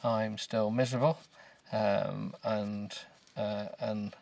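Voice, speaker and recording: A British man hosting a comedy podcast, grumbling and rambling as he reads a book aloud with deadpan, self-mocking remarks. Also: fairly low pitch, slow pace, vocal fry. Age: adult with children. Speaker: podcast host.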